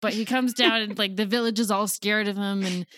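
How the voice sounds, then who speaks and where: A woman's voice: medium pitch, fairly even intonation, brisk, a bit bright, no room sound. A woman co-hosting a casual chat, rambling and laughing, close to tears. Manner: rambling, self-interrupting, laughs easily. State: teary, close to crying. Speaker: podcast co-host.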